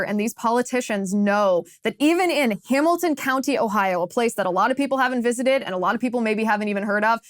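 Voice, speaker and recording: A woman in her thirties hosting a political talk show, telling a story in a lively, casual way and laughing along. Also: medium pitch, no room sound, studio quality. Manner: animated, laughs while telling anecdotes.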